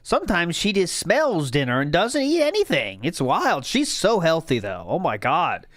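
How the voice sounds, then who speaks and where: A man's voice: on the high side, huge pitch swings, moderate pace, a bit bright, no echo, studio quality. A man hosting a watch party, mocking a streamer with sarcastic running commentary. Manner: sarcastic, derisive.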